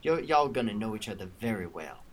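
A man's voice: on the low side, sing-song, a little fast, voice pushed down. A man voicing a scheming female villain baroness who drawls sweetly and calls people honey. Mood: sly.

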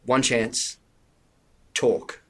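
A man voicing a ruthless female rogue in a tabletop game, speaking in low, terse lines. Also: level tone, extremely slow. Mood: menacing.

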